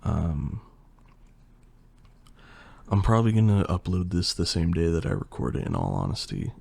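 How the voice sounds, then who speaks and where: A young man with a hoarse, partly lost voice, chatting casually and rambling through a Q&A as an ASMR creator. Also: sits low, moderate pace. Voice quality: gravelly and husky. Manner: relaxed, rambling, with fillers and swearing. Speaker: ASMR creator answering questions. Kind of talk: casual Q&A chat.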